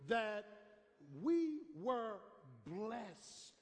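A man's voice: on the high side, animated, a little slow, long pauses. Middle-aged male preacher, storytelling sermon, faint room noise. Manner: preaching with storytelling and call-and-response. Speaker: pastor. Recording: long hall reverb, faint room noise.

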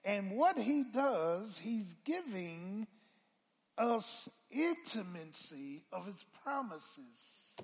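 A male preacher delivering a call-and-response sermon, moving from hushed murmurs to loud, drawn-out calls. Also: high voice, big pitch swings.

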